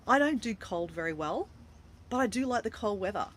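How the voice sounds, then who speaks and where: A woman's voice: medium pitch, lively intonation, brisk, slight background noise. An Australian woman chatting casually on a livestream from her camper van, playful and talkative as she greets viewers. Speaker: vlogger greeting live viewers.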